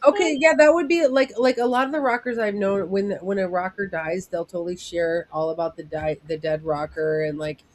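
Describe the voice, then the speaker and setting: A woman's voice: fairly low pitch, flat delivery, brisk, hardly any pauses. Chatty woman producer running a meeting. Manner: chatty, full of "like" fillers, acts out quotes. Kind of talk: casual meeting chat.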